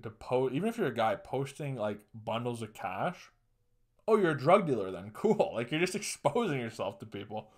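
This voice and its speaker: A young man hosting a podcast, ranting alone with crude, profane jokes and laughing at his own punchlines. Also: medium pitch. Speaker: podcast host. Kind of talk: solo comedic rant.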